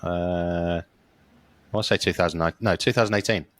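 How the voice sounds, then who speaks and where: A male podcast host, telling stories in a relaxed, casual way and swearing now and then. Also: sits low, brisk, no room sound. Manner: relaxed storyteller, swears casually, says mate. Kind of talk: casual interview chat.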